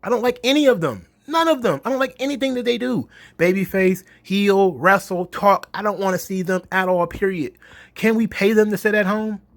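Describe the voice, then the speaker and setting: Man, ranting commentary, profane, exasperated, raised pitch. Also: moderate pace, no echo. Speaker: wrestling commentary host.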